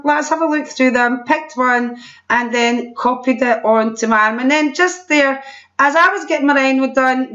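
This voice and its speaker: A woman's voice: high-pitched, fairly bright tone. A middle-aged Scottish woman giving a chatty presentation over photos, with laughing, apologetic asides. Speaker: presenter at a sales meeting. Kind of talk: presentation showing holiday photos. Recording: dull lo-fi recording.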